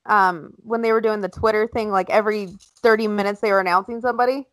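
A woman co-hosting a casual chat, blunt and animated, acting out quotes as she talks. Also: mid-range voice, fast, dry recording, low-quality recording. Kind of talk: casual chat about wrestling.

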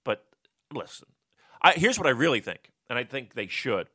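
Man, radio sports reporter turned pundit; profane, blunt, animated; bright, tense timbre. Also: mid-range voice, normal speed, breathy edge, dry recording, clean studio sound. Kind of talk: casual podcast storytelling and opinion.

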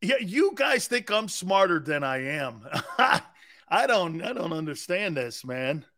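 A middle-aged sports talk radio host rants sarcastically and bombastically, breaking into bursts of shouting. His voice is a little high, very animated, and slow.

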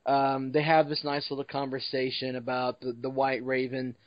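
A man's voice: mid-range voice, completely flat delivery, moderate pace, no room sound. A man co-hosting a casual podcast, easygoing and jokey while moving the discussion along. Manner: laid-back, jokey, moderates the discussion. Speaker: podcast co-host. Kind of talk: casual TV recap chat. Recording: dull lo-fi sound, dry room.

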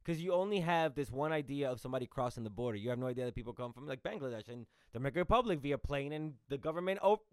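A young man hosting a podcast and chatting casually. He tells stories in an animated, comedic way. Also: mid-range voice, clear, resonant tone, no echo. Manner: animated storyteller, quick and chatty. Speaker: podcast host and stand-up comedian. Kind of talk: casual conversation.

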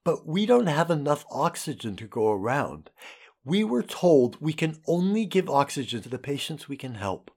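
Gentle Jamaican nurse woman, soft and pleading, lively inflection, read by a male narrator. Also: a little high, moderate pace, husky, full character voice. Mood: tender pleading. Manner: soft, pleading, tender endearments.

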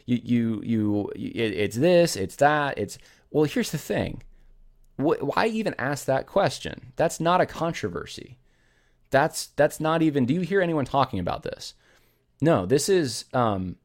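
A man's voice: on the low side, a little mellow. Emphatic man with rhetorical retorts. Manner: rhetorical and emphatic, full of "how about" retorts; thinks aloud with many restarts and digressions. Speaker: podcast host. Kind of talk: opinionated commentary.

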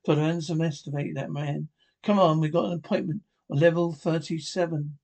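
A man with a fairly high, creaky voice reads out a drama script, stating each speaker's name and the stage directions. His reading is flat and halting.

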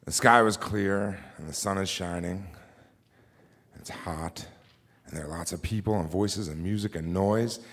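Low-voiced man telling a live story. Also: measured pace, fairly bright tone. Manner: conversational with frequent fillers and restarts. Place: theater stage before a live audience.

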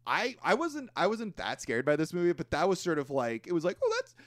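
A man's voice: fairly high pitch, brisk, no echo, studio quality. A man co-hosting a casual podcast, retelling a movie plot with lots of acted-out quotes and frequent laughter. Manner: animated storytelling, laughs often, acts out quotes. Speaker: podcast co-host. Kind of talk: casual movie recap chat.

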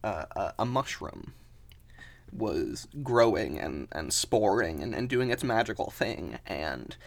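A man casually narrates his character's moves in a tabletop game, halting often with fillers and restarts. His voice is gravelly, with a lively, rising and falling pitch. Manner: hesitant, many fillers and restarts. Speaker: player.

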